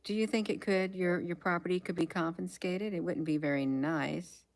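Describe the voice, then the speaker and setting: A woman's voice: lowish voice, steady tone, moderate pace. A woman hosting a casual livestream, reading headlines aloud, musing to herself and trailing off with frequent ums. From United States. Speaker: livestream host.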